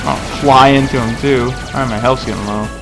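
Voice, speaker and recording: A man's voice: medium pitch, fairly even intonation, brisk, music in the background. A young man commenting casually on his gameplay, joking, laughing and swearing. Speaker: let's play commentator.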